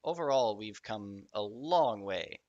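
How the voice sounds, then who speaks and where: A man's voice: lowish voice, animated, a little mellow, muffled recording. A young man with a Canadian accent, chatting casually as a podcast guest, joking and swearing often. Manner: joking, swears often, quick bursts of laughter.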